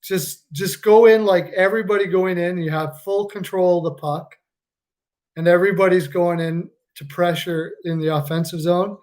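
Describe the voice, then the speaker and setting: A man's voice: sits high, steady tone, normal speed, a little mellow. A man hosting a live stream, reacting casually to a hockey game. He jokes, laughs a lot and swears freely.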